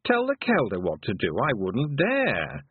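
A man voicing a dry, wry male talking toad in a storybook, speaking slowly. The sound is tinny and dry. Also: medium pitch, wildly swooping pitch, husky, no room sound, heavily acted.

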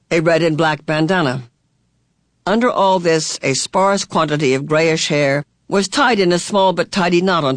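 High-voiced man reading a story. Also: a bit bright, no room sound. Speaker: audiobook reader. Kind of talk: scripted narration.

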